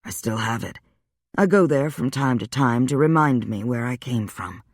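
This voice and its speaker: A man voicing a weary, wry male vampire, speaking low and subdued in a dry audiobook reading. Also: lively intonation, normal speed, no room sound, lightly acted. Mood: rueful.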